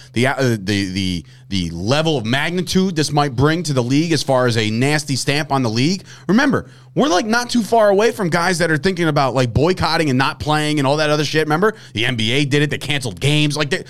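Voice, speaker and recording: A man's voice: a little high, fairly bright tone. A man co-hosting a sports podcast, talking casually and animatedly, swearing and restarting words as he goes. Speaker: podcast co-host.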